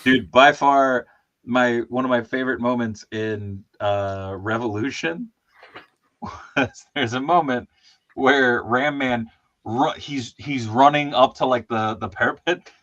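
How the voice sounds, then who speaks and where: A man hosting a casual chat while opening toys, excitable, laughing and swearing as he talks. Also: medium pitch, slow, lo-fi sound. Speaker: podcast host.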